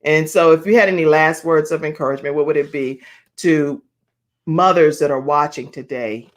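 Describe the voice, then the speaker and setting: A woman's voice: low-pitched, moderate pace. A woman hosting an online talk show, chatty and encouraging, often breaking into laughter.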